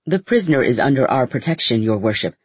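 A man's voice: mid-range voice, animated, fast, husky. A man voicing a wiry, stiff guard captain who speaks formally and curtly, heard in a storybook reading. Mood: stern.

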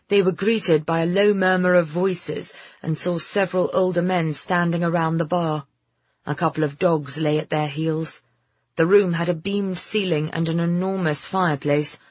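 An audiobook narrator reading a story in an even, measured way, close to the mic. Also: medium pitch, dry recording. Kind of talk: scripted narration. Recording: slightly dull lo-fi recording.

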